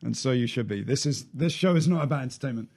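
A gravelly, fry-heavy man hosts a podcast, needling his guest with dry, teasing jokes. His pitch is ordinary and middling, and his tone stays casual throughout. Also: fast talker, darkish tone. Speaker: podcast host.

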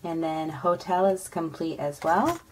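Low-voiced woman counting cash, street noise. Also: unhurried. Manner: counts bills softly under her breath, bursts into squealing excitement. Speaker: budgeting vlogger. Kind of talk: casual cash-stuffing vlog, counting money aloud. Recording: home recording with street noise behind. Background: passing bikes and street noise.

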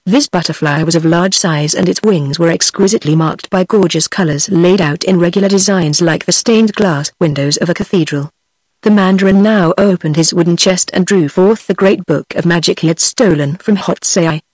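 A woman's voice: fairly low pitch, moderate pace, slightly rough, no room sound. Synthetic British woman reading a fairy tale. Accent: British English. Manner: even, steady text-to-speech reading. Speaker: audiobook narrator. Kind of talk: synthetic audiobook narration.

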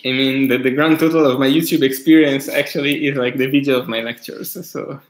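A man from Italy chatting casually on a live stream as a guest, soft-spoken and self-deprecating, chuckling often. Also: medium pitch, steady tone, brisk, reverberant, poor audio.

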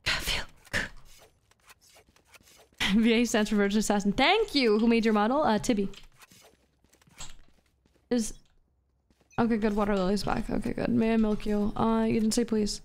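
A woman's voice: a little high, fairly even intonation, normal speed, long pauses. A woman streamer chatting casually with her live chat while gaming, profane, playful and flirty. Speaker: VTuber streamer.

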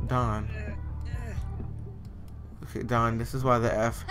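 A man commentating gameplay casually, animated and sassy, voicing the characters' thoughts with mock swearing into a desk microphone. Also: mid-range voice, a little slow, pauses often, soft background music. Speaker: let's play host. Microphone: desk USB microphone.

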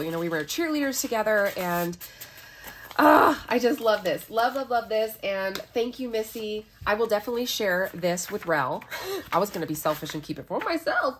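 A woman's voice: mid-range voice, a little hiss or hum. A woman talking casually in a crafting vlog, chatty and gushing with lots of fillers, working at a craft table at home. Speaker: crafting vlogger.

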